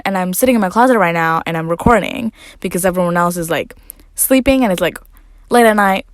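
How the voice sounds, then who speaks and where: A woman's voice: medium pitch, expressive, fairly quick, no room sound, studio quality. A woman hosting her podcast alone, talking in a chatty, rambling way with lots of fillers, recorded in her closet at home. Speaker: podcast host. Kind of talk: casual solo podcast talk.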